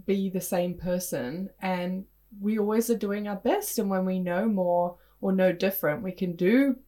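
A woman hosting a relaxed, supportive talk in a mid-range voice. She keeps the guest going with soft murmurs and laughs, then offers gentle, reflective lines of her own. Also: medium pitch, unhurried. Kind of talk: casual supportive chat.

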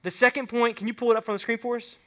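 Excitable man preaching to students. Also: very high-pitched, very fast. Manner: casual, joking, excitable, talks straight to the students. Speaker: youth pastor. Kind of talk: youth sermon. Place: room with a student audience.

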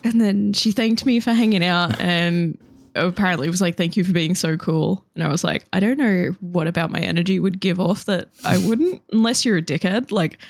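Woman co-host, lively storyteller, dry close recording. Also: lowish voice, moderate pace, no echo. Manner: animated storytelling with laughter and swearing. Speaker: podcast co-host. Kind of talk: casual chat.

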